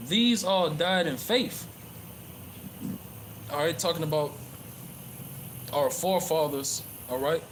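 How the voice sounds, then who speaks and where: A man with a slightly high voice preaching off the cuff outside in a park, swearing freely and stumbling through fillers and restarts. Clear outdoor noise runs under his voice. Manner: profane, rambling with many fillers and restarts. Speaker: religious livestreamer. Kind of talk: casual street preaching.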